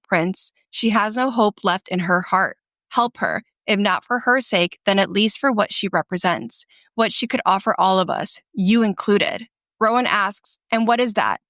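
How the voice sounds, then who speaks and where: A woman's voice: medium pitch, fairly bright tone, no echo, clean studio sound. A young woman co-hosting a book podcast, speaking emphatically and swearing casually as she recaps emotional scenes. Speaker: podcast co-host.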